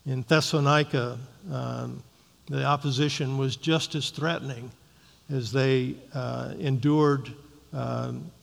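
A man with a gravelly, creaky voice of middling pitch leads a Bible study, reading scripture and then explaining it. He speaks in a measured, explanatory way, often pausing on um and uh, and his voice carries a long reverb like a large hall. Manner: measured, explanatory, frequent um and uh fillers. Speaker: Bible teacher.

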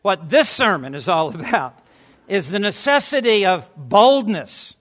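Emphatic preacher, male, high and bright, builds points through repetition with quick joking asides. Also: sing-song. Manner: emphatic, repeats words for stress, asides with jokes. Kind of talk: sermon.

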